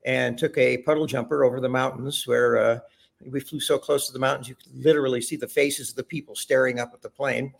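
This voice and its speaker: Older male guest, very gravelly and raspy, loose rambling anecdotes full of restarts. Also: mid-range voice, steady tone, brisk. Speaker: guest, former chef. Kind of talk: conversational storytelling.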